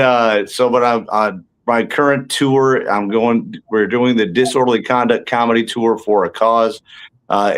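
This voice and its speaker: A man, a guest actor and stand-up comedian, telling jokey stories in a casual interview, full of fillers and restarts from somewhere indoors. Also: lowish voice. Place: indoors, tucked in somewhere warm.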